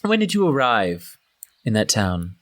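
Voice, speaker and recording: A man's voice: fairly low pitch, huge pitch swings, measured pace, fairly bright tone, heavily acted. A man voicing a scornful, impatient male tiefling cultist who talks down to others. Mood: suspicious. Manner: sneering, condescending.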